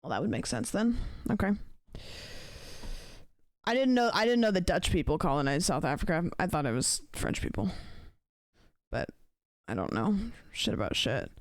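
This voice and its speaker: A woman streamer chatting casually with her live viewers, rambling and thinking out loud with lots of fillers. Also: fairly low pitch, big pitch swings, normal speed, long pauses, dry recording. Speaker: livestreamer.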